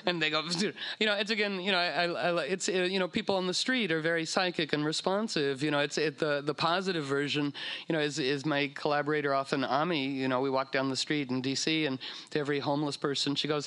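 A man giving a casual talk, animated and acting out quoted voices, with many fillers and restarts. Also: fairly high pitch, brisk, clear, resonant tone. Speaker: speaker on astrology.

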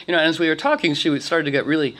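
Man, group talk leader, slightly high voice, rambly, laughs a lot. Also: big pitch swings, rapid-fire, a bit bright. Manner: rambling, full of "you know" and restarts, laughing. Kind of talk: casual talk to an online group.

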